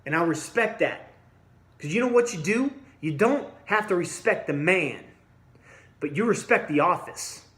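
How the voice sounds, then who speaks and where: A man delivering an angry, blunt monologue straight at his listeners, swinging from low mutters to loud outbursts. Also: animated, a little slow, reverberant. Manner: blunt, combative, addresses listeners directly. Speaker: vlogger.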